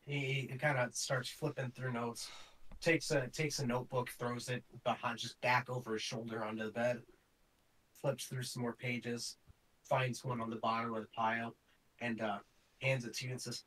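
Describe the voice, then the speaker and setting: A man running a tabletop game as game master, narrating in a relaxed, rambling way with many fillers. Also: mid-range voice, moderate pace, far from the mic, poor audio.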